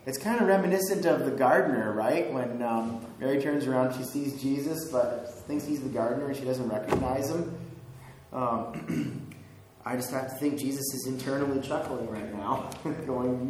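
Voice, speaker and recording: A male pastor preaching in an easy, conversational way, often chuckling and putting questions to his listeners. His voice is caught in a hugely echoey church hall, with a faint hiss underneath. He sits at a middling pitch. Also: unhurried. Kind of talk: sermon.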